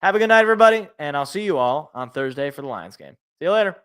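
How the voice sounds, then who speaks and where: Bright-voiced man hosting a sports show. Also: on the high side, expressive, racing, clean tone. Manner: rambling, self-correcting, laughs at own jokes. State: voice feels worn out. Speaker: sports podcast host. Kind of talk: casual sports talk show.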